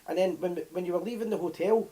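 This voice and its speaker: A man's voice: high voice, fast, crowd noise. A Scottish man co-hosting a fan live show in casual chat, telling stories with lots of laughter. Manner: animated storytelling, laughs often.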